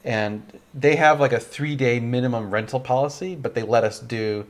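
A man's voice: mid-range voice, moderate pace. A young man hosting a casual livestream chat, tired and yawning, rambling and laughing often. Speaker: livestream host.

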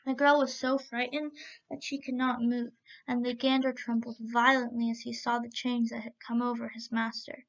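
Woman storyteller, storybook reading, high gravelly voice, dull lo-fi recording. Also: normal speed. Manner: steady narration with occasional slips.

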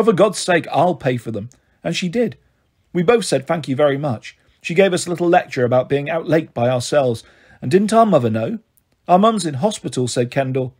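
A man reading a children's novel aloud with steady first-person narration. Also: on the high side, breathy edge. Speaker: storyteller.

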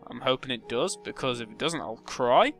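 A young male YouTuber casually narrates his gameplay, chatty and self-mocking, humming and talking under his breath. He speaks at a normal speed in an animated, medium-pitched voice with a fairly bright tone, and music plays underneath.

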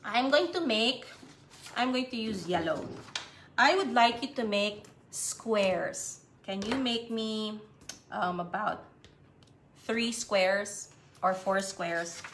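A woman with a Filipino accent teaching young children a paper craft in a cheerful, slow, sing-song way. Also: mid-range voice, a bit bright, slight background noise. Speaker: preschool art teacher. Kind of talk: live-streamed craft lesson for children. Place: home on a live stream.

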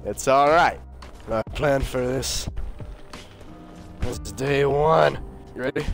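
A man's voice: mid-range voice, slow, creaky, long pauses, faint music behind. A man doing casual gameplay commentary, joking, swearing and talking to his audience as he plays. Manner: crude, joking, swears often. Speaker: gaming streamer.

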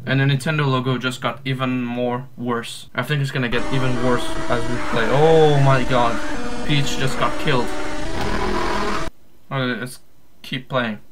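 A man commentating his own horror game play, jumpy and full of exclamations and yells at the scares. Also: medium pitch, fairly even intonation, moderate pace, very noisy. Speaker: gamer playing a horror fan game. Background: game music.

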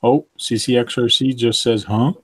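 A man's voice: medium pitch, little pitch movement, normal speed, a bit bright, dry recording, poor audio. A man whose first language is French, hosting a casual live stream and reading viewer comments aloud with many fillers. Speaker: livestream host.

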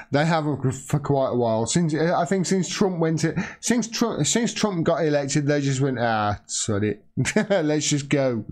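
A man's voice: a little high, a little mellow. A man giving an angry, profane livestream rant as a political video commentator, heated and emphatic.

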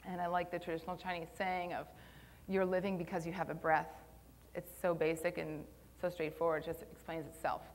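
A young woman giving a live conference talk on posture, conversational and a little nervous, with plenty of ums. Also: lowish voice. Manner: conversational, filler-heavy, slightly nervous. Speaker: conference speaker on posture and Pilates. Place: conference room.

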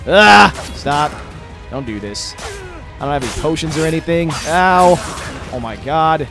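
A young man casually commenting over his own gameplay, chatty, swearing and reacting loudly to the fights on screen. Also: a little high, moderate pace. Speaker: gamer doing a let's play. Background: game music and gunfire.

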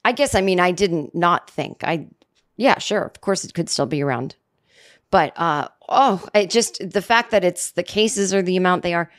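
A woman in her forties hosting a comedy podcast, talking in a rambling, sarcastic monologue full of restarts, jumping up in pitch for mock quotes. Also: normal speed. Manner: rambling, sarcastic, self-interrupting, with many restarts. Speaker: podcast host.

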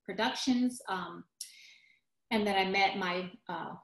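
A woman's voice: mid-range voice, slow pace, reverberant, low-quality recording. A woman actress telling her career story in a casual interview, acting out quotes along the way. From United States. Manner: animated storyteller, acts out quotes, restarts often. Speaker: guest, musical theater actress.

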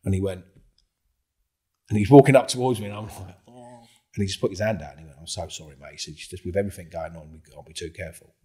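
A middle-aged man, a podcast guest telling a story in a casual, animated way, swearing freely and acting out the dialogue. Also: sits low, quick pace, breathy edge.

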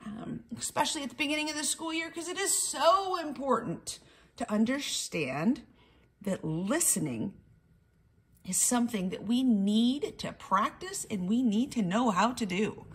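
A woman's voice: a little high, animated, husky. A woman teacher reading a picture book aloud to children, explaining as she goes and asking them questions. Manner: slow, explaining, asks the class questions.

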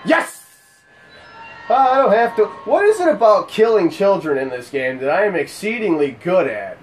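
A man giving casual let's play commentary on a horror game, cursing and yelling out in bursts of excitement. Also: sits high, a little fast, soft background music. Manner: profane, excitable outbursts. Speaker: gameplay commentator.

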